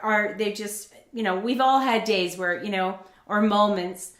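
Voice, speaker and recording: A woman hosts a relaxed conversational interview. She talks in a chatty way and drops into quick impressions of what people say. Her voice bounces around a noticeably echoey room. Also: mid-range voice. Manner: chatty, acts out quoted voices in dialogue. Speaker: host.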